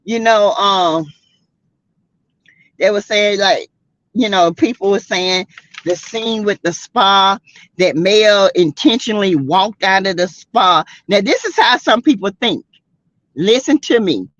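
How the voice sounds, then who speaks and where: Streamer, woman from South Carolina: sassy, outspoken, laughs a lot, slow drawl with big swings in pitch, dry lo-fi sound. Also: animated, a bit bright, no echo. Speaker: livestream host. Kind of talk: casual reality-show commentary to a live chat.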